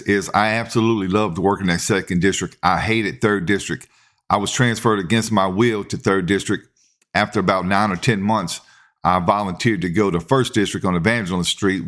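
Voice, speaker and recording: Deep-voiced man telling a story. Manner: animated storyteller acting out quotes. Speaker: podcast host, police officer. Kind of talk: casual storytelling.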